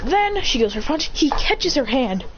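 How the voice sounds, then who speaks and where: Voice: sits high, very animated, moderate pace, highs cut off, background noise. A storyteller eagerly retelling an improvised fan-fiction tale in tumbling run-on sentences, full of restarts and gasps.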